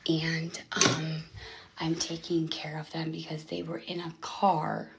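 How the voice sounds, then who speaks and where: A woman's voice: low voice, completely flat delivery, slow pace. A woman vlogging casually, often dropping to a whisper and cooing to cats in a sing-song voice. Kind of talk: casual vlog talk. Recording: noisy amateur recording.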